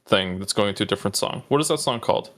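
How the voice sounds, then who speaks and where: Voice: low-pitched, expressive, quick pace, fairly bright tone. A guest on a stream chatting casually, with wry, dry humor. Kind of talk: casual chat.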